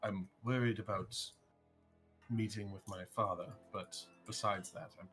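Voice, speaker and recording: A man voicing a reserved young noble who speaks quietly and haltingly in a tabletop role-play. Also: medium pitch, faint music behind, natural voice.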